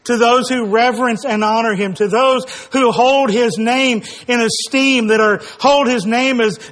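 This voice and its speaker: A man's voice: very high-pitched, fairly even intonation, unhurried, fairly bright tone. A man preaching a sermon, earnest and emphatic, stressing his words and sometimes acting out quoted speakers.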